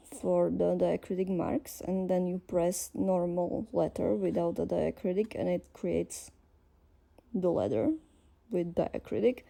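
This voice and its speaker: A woman's voice: medium pitch, gravelly, warm tone. A woman from Slovakia, teaching her language and explaining each point patiently, step by step.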